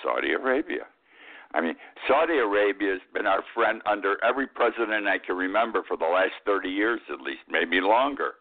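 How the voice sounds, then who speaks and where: Deep-voiced man with a tinny radio sound. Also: expressive, brisk. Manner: emphatic, rises sharply on key words. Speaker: talk show host. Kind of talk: opinionated radio commentary.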